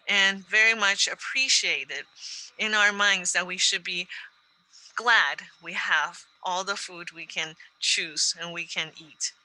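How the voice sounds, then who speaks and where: A woman's voice: medium pitch, bright, forceful tone, rough recording. A woman, giving an educational lecture over a video call and patiently explaining. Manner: explains patiently, repeats phrases slowly for learners. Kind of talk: online lecture with Q&A.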